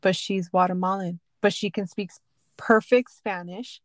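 A young woman co-hosting a podcast, telling stories in a lively, casual way and swearing freely. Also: medium pitch, moderate pace, no room sound. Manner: animated storytelling, swears casually. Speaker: podcast co-host. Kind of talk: casual chat.

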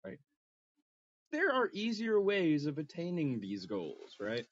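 A man's voice: a little high, takes it slowly, no echo, lo-fi sound. A man co-hosting a podcast in casual chat, telling stories and laughing often. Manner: laughs often, lively storytelling. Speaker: podcast co-host.

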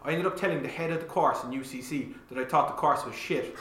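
A young Irish man telling stories in casual chat, animated and swearing often, with plenty of "like" fillers. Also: medium pitch, quick pace, a crowd in the background. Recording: roomy echo.

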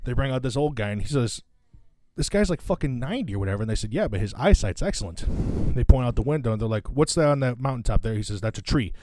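A man's voice: mid-range voice, expressive, fast, background noise. A man co-hosting a casual podcast, telling long jokes and breaking into laughter at his own punchlines. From Midwest US. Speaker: podcast co-host.

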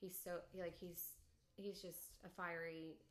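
A middle-aged woman, a podcast co-host, chatting casually and telling stories with lively acted-out quotes. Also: on the low side, a little slow. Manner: animated storyteller, acts out quotes loudly. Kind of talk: casual chat. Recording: echoey room.

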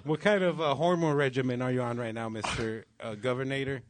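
A man's voice: medium pitch, fairly even intonation, brisk. A man co-hosting a casual comedy podcast, joking and swearing with lots of slang. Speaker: podcast co-host. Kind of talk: casual stoner podcast chat.

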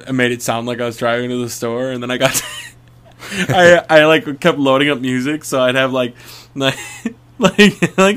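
A man's voice: medium pitch, fairly bright tone, a little hiss or hum. Young man telling rambling stories. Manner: rambling storyteller, swears a lot, laughs often. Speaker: podcast co-host. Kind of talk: casual podcast chat.

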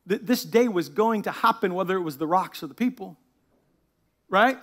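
A man's voice: high voice, lively intonation, moderate pace, a bit bright. A man serving as lead pastor, praying and then preaching a sermon in church with an emphatic delivery that builds as he goes. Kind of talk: sermon with opening prayer.

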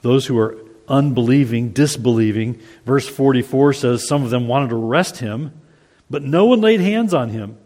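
A man's voice: medium pitch, expressive, moderate pace, warm tone. A man preaching an expository sermon, earnest and emphatic, reading scripture aloud and explaining it to the congregation. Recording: long hall reverb.

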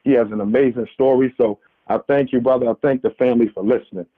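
Fast and steady, a medium-pitched man from New York phones in to a radio show, heard as a dry recording through a tinny line. He speaks earnestly and preachily, frequently starting over in his passionate call-in commentary.

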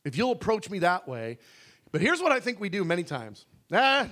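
Lively, high-pitched preaching man. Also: moderate pace. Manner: animated, swings from low asides to shouted emphasis, laughs mid-sentence. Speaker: pastor. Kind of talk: sermon.

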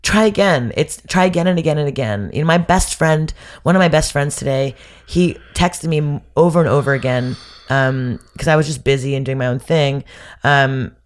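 A woman guest in a casual podcast conversation, telling stories in an animated way with many restarts. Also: low voice.

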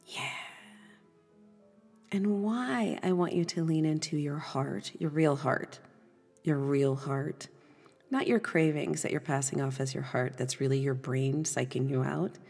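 Slow husky woman podcast host. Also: sits low, long reverb tail, soft background music. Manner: soft, slow, often drops to a breathy half-whisper. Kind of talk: gentle motivational monologue.

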